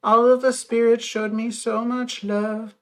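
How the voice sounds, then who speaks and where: A woman voicing a shy, gentle shadow creature who speaks slowly and earnestly. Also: on the high side, level tone, pitched above the performer's own voice, natural voice.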